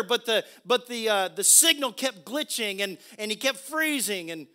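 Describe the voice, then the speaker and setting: High, bright-voiced male pastor preaching. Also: expressive, moderate pace, few pauses. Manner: emphatic preaching, swinging from quiet asides to loud exclamations. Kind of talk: sermon.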